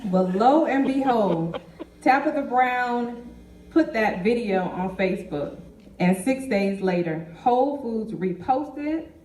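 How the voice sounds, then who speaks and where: A woman giving a keynote business presentation, telling a story to the audience in a lively way. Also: fairly high pitch, slow pace, a little hiss or hum. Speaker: keynote speaker. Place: meeting hall. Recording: echoey hall, mic far off.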